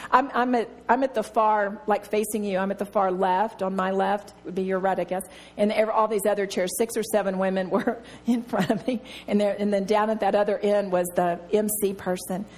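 A woman's voice: medium pitch, darkish tone. A middle-aged woman teaching a Bible study, telling personal stories and laughing often.

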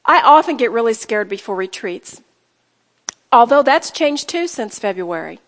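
A woman's voice: a little high, big pitch swings, moderate pace, fairly bright tone. Earnest woman preaching in a reverberant hall. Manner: earnest and emphatic, rising to fervent declarations. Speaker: women's retreat speaker. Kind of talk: Bible teaching to women.

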